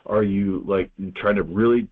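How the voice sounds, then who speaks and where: A man's voice: on the low side, fairly even intonation, moderate pace. A man talking casually as an interview guest, rambling with many restarts and fillers. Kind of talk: casual phone-in interview talk. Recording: tinny phone line.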